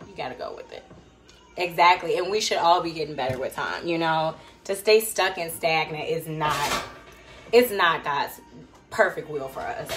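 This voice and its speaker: A woman's voice: on the low side, fairly bright tone. A woman hosting a casual cooking stream from a home kitchen, chatting loosely while she cooks and sharing faith-based encouragement. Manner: chatty, preachy, loose and conversational. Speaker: cooking show host.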